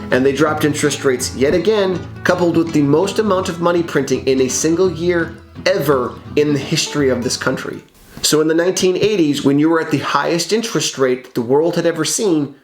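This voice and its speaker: Confident man in an echoey room. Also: on the high side. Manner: confident, persuasive. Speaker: mortgage broker. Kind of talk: scripted explainer video. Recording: roomy echo, faint background music.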